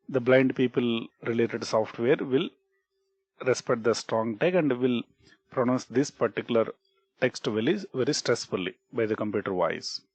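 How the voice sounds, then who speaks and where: A man's voice: mid-range voice, a little mellow, slightly rough, no echo. A man with an Indian English accent teaching a programming tutorial, repeating key points and checking in with "okay" and "right?". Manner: explanatory, repeats points, frequent "okay" and "right?", restarts words. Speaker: programming instructor. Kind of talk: screen-recorded coding tutorial.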